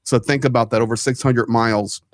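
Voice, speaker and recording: Panel guest, man on a headset, earnest with a wry streak, mid pitch, dry sound. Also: fairly even intonation, fairly quick, no room sound. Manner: earnest, then self-mocking. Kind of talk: casual panel chat.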